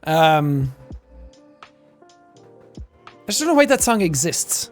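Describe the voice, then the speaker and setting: Animated Irish man ranting on stream. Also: fairly high pitch, faint music behind. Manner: profane, ranting, quick to laugh. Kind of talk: casual live-stream chat.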